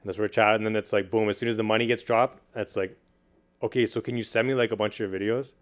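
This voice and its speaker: A man chatting casually as a podcast guest, talking fast and loosely with lots of slang and "like". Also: lowish voice, fairly even intonation. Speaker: podcast guest, video producer and beatmaker. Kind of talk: casual chat.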